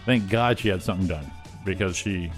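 A man's voice: low voice, fairly quick, soft background music. A man co-hosting a casual morning show, wisecracking as he reads out celebrity birthdays. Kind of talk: casual radio banter.

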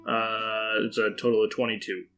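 Bright-voiced man, tabletop player. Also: lowish voice, flat delivery, moderate pace, soft background music. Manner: polite, inquisitive.

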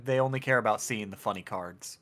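A man's voice: lowish voice, brisk, a bit bright. A man co-hosting a casual podcast chat, wry and swearing, often stumbling over his words. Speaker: podcast co-host.

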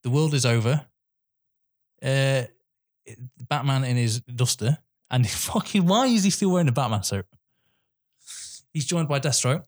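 Male podcast co-host, mid-pitched, excitable and profane, quick to laugh. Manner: excitable, swears freely, laughs often. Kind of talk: casual film chat.

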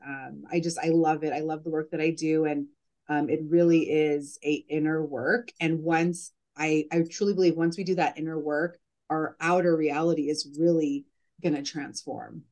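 Woman, life coach, earnest, chatty with lots of "like", very low voice. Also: steady tone, moderate pace. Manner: earnest, fillers like "like" often. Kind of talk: casual podcast interview.

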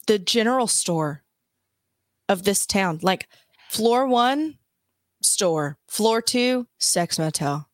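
A woman co-hosting a podcast, ranting about a movie with profane, animated delivery. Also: mid-range voice, slow, long pauses, no echo, clean studio sound. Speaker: podcast co-host. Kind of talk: casual movie talk.

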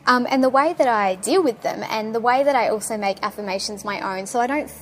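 A young woman with an Australian accent, talking casually and excitably as a podcast host, with lots of fillers. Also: on the high side, a little fast, a little hiss or hum. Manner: chatty and excitable, full of fillers. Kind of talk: casual monologue.

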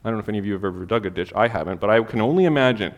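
A man's voice: on the low side, expressive, rapid-fire. A man preaching a sermon, telling a casual personal story full of fillers before turning to scripture. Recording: long hall reverb.

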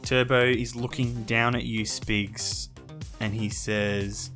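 A man's voice: mid-range voice, slow, faint music behind. A man narrating as game master of a tabletop game, laughing often. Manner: laughs often, lively voices for guards.

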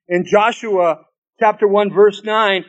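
A high-voiced man preaching a sermon. He reads scripture verses aloud and repeats key lines for emphasis. He drops into storytelling asides along the way. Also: fairly even intonation, slow pace, dull audio. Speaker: pastor.

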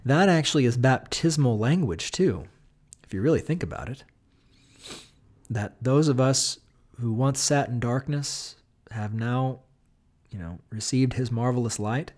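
A man, a pastor, talking through a Bible passage in a relaxed, conversational way, often checking in with "right?". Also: mid-range voice, measured pace, pauses often. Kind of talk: Bible study talk.

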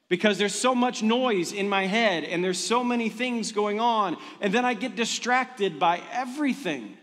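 A middle-aged man, a pastor, preaching a sermon in a conversational, animated storytelling manner to his congregation in a church. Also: sits high, moderate pace, hardly any pauses. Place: church sanctuary. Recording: long reverb of a large hall.

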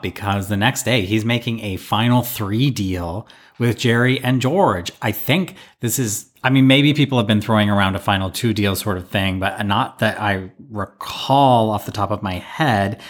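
A man with a fairly low voice talks through a TV episode with his co-host. He rambles thoughtfully, pausing on fillers as he works out his points. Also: a bit bright. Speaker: podcast co-host. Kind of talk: casual recap chat.

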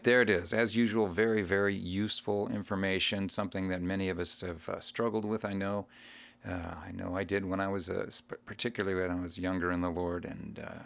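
A deep-voiced man with a gravelly, creaky tone closes out a podcast episode. He talks casually and hesitantly, filling pauses as he goes. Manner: relaxed, hesitant, with many fillers. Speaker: podcast host.

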